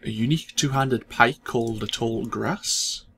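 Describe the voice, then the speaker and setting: Give me a relaxed man narrating his game. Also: medium pitch, a little slow, a little hiss or hum. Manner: relaxed, self-deprecating, thinking aloud. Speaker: let's play host. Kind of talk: casual gameplay commentary.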